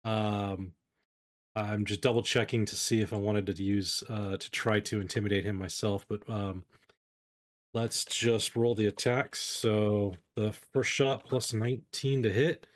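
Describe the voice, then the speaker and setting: A man with a slightly low voice playing a tabletop role-playing game. He talks through his attacks in an easygoing, matter-of-fact way. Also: steady tone, a little slow. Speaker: player. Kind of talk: casual tabletop game chat.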